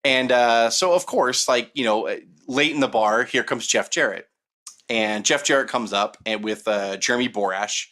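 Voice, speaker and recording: A man co-hosting a podcast, telling long casual anecdotes with lots of fillers and animated retellings of what others said. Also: medium pitch, moderate pace. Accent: Southern Californian. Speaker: podcast co-host. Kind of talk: casual storytelling.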